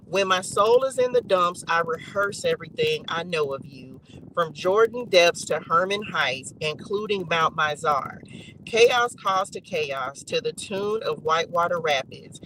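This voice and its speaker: A man's voice: fairly high pitch, expressive, unhurried, bright, forceful tone, slight background noise, rough recording. A man reading psalms aloud with emphatic repetition and casual asides to a live chat. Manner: emphatic, repeats phrases, colloquial asides. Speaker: online faith reader and streamer.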